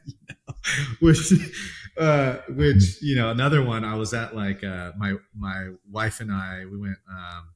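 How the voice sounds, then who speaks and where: A man's voice: on the low side, normal speed. A man hosting a podcast, telling rambling anecdotes in a casual, chatty way. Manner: rambling anecdotes, lots of fillers and restarts. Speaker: podcast host. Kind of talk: casual chat.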